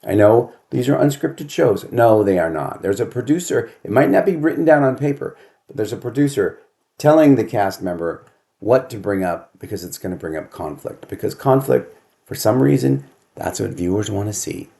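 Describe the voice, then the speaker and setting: A cranky older man talks into his computer at home, low in pitch and dry in his sarcasm. He grumbles through his complaints, firing off rhetorical questions in a loose, conversational monologue. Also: big pitch swings, moderate pace, gravelly, warm tone. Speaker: host. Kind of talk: casual monologue vlog.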